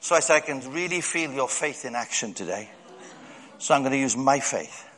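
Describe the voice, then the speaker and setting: A man preaching a sermon in a church hall, telling stories and jumping up high to act out other people's voices. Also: expressive, normal speed, fairly bright tone. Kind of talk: storytelling sermon. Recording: long hall reverb.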